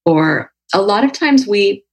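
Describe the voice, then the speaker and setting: A woman's voice: medium pitch, lively intonation, measured pace, breathy edge. A woman who is a yoga teacher and author, talking in a thoughtful, reflective way in long winding sentences. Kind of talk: conversational podcast talk.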